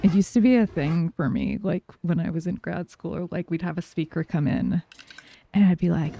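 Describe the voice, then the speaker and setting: A woman's voice: fairly low pitch, moderate pace, vocal fry, dark tone, a little hiss or hum. A woman with a New York accent chatting loosely while streaming a game, with lots of fillers. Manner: chatty, loose, filler-heavy, laughs easily. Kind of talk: casual gameplay streaming chat.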